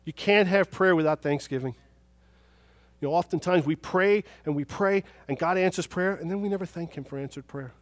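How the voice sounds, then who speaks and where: With a slightly high voice and a brisk delivery, a man preaches as pastor in a recording with no echo. His storytelling sermon swings from quiet, hushed passages to loud, emphatic praise.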